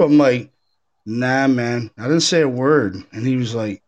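A man hosting a casual talk show, a paranormal investigator telling stories in an animated way, full of fillers and restarts. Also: mid-range voice, a little slow. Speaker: podcast host, paranormal investigator. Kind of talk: casual chat.

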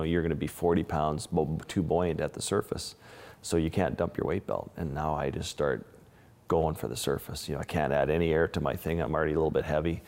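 A man's voice: very deep voice, a little mellow, big-room sound. A man, an underwater wildlife photographer, casually recounting close calls in an interview and often restarting his phrases. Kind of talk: interview storytelling.

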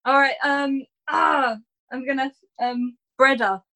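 A woman's voice: sits high, fairly even intonation, slow, pushed and bright. A woman chatting casually, hesitant with many ums and giggly. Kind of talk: casual chat.

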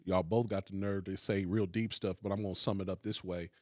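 A man's voice: deep voice, steady tone, brisk, a little mellow, no echo, clean studio sound. A man, a pastor hosting a casual faith discussion, who repeats key lines for emphasis. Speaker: pastor and podcast host.

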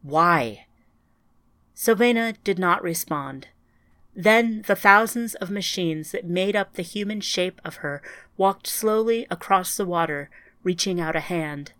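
A woman narrating a scripted audiobook in a quiet, even storytelling manner. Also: mid-range voice, a little slow, dry recording.

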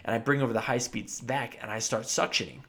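A dentist telling a funny story from his practice in a casual chat, animated and often laughing. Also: medium pitch, fast talker. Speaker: podcast co-host.

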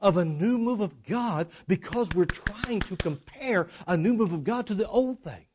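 Preacher, middle-aged man, high and wide-ranging delivery, booming then hushed. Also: animated, normal speed, noisy background. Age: middle-aged or older. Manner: swings from loud emphatic declarations to low hushed drama. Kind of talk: sermon.

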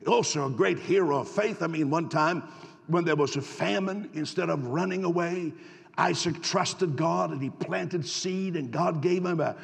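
Male pastor from Canada, folksy storyteller with restarts, raised voice, gravelly edge. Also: fairly high pitch, normal speed. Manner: folksy, stammering restarts, rhetorical questions to the congregation. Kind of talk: storytelling sermon. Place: church sanctuary. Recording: long hall reverb.

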